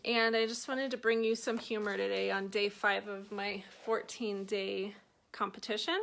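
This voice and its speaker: A woman reading her own book aloud at a middle pitch. She keeps breaking off for chatty, joking remarks and laughs at her own lines before going back to the page. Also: flat delivery, moderate pace, vocal fry, a bit bright. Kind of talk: reading aloud with offhand asides.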